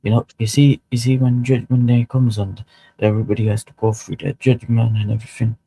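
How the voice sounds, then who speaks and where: A man's voice: mid-range voice, flat delivery, a little fast, vocal fry, warm tone, breathy edge, no echo, poor audio. A man co-hosting a stream, telling stories in casual chat and repeating his words.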